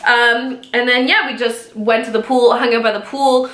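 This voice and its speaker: A woman's voice: fairly high pitch, fairly even intonation, normal speed, fairly bright tone. A young woman from Canada telling a casual storytime vlog, chatty and full of "like" fillers. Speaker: beauty vlogger. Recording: echoey room.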